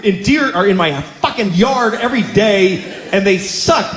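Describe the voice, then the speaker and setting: A middle-aged man doing a stand-up comedy set, ranting and profane, with sudden mock-outraged yells. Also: high voice, expressive, a little slow, heavy background noise. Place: large theater stage before a laughing audience. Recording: roomy live venue with loud crowd.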